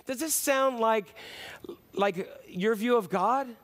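Casting: male pastor, high voice, chatty animated sermon delivery. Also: slow pace. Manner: conversational, animated preaching with acted-out quotes.

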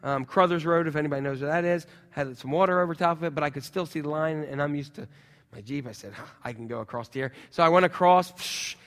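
A middle-aged man preaching a sermon as pastor, telling personal stories in a lively way with sound effects. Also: fairly high pitch, quick pace, big-room sound.

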